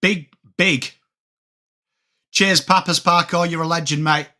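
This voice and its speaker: A man on a live stream, chatting with viewers and calling the game, with excited outbursts on big plays. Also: a little high, unhurried. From England. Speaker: watchalong streamer. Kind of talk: live game commentary mixed with chat.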